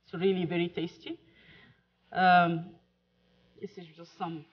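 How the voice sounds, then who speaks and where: A woman's voice: lowish voice, level tone, husky. A woman from Morocco with a French-tinged accent, giving a chatty, joking keynote talk over slides, with some fillers. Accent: Moroccan French-accented English. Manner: chatty, jokey, pauses with fillers. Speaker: keynote speaker. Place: lecture hall. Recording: muffled lo-fi talk recording.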